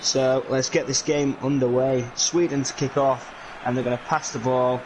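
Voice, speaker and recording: A man calling a video game football match on his own. He gives lively play-by-play, with plenty of ums and uhs between the action. His voice sits at an ordinary middle pitch. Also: normal speed, slight background noise, low-quality recording. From England. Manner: lively, filler-heavy play-by-play. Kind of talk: solo play-by-play commentary.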